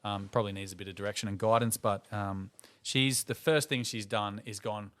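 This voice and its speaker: A man's voice: on the low side, brisk, smooth. An Australian man in his thirties, hosting a casual podcast and telling funny stories, acting out the voices of the people in them. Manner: animated storyteller, acts out voices. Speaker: podcast host. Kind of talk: casual chat.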